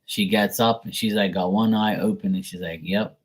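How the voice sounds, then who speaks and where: A man's voice: lowish voice, steady tone, a little fast, rough recording. A man hosting a live tarot stream, chatting casually in a loose, profane way and filling his talk with "like". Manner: loose and profane, heavy on fillers like "like". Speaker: tarot reader hosting a livestream. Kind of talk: casual livestream chat.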